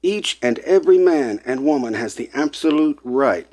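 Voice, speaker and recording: Man, mid-pitched, impassioned lecturing monologue, emphatic and repetitive, gets heated. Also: animated, normal speed, darkish tone. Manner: lecturing, addresses listeners as people. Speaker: online presenter.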